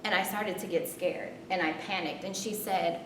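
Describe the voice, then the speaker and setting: A woman performing a spoken story, expressive, her voice jumping high in tense moments and softening when reflective. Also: moderate pace, noisy background. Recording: roomy, distant, rumbling background.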